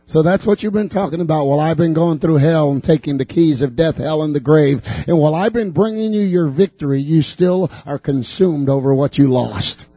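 A man voicing the risen Jesus, speaking slowly with gentle, wondering reproach. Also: a little high, husky, no room sound. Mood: gently chiding.

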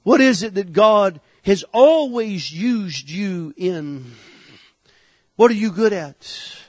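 A man's voice: high voice, lively intonation, slow, darkish tone, no room sound, clean studio sound. A man in his forties preaching a sermon in church, exhorting fervently as he tells a story. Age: 40s.

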